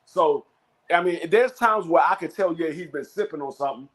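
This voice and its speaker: A man with a notably high voice hosts a relaxed sports talk show. He often stumbles over his words, repeating a word or two before landing his point. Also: moderate pace. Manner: stammering restarts, repeats words before finishing a thought. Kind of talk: casual chat.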